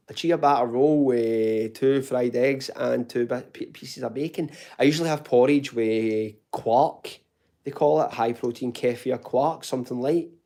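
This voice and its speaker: A man's voice: mid-range voice, warm tone. A man from Glasgow with a toned-down Glaswegian accent, hosting a casual live fitness Q&A at home, chatty and informal, calling viewers mate and swearing now and then. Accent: Glaswegian Scottish, toned down. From Glasgow, Scotland. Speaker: fitness channel host answering live chat.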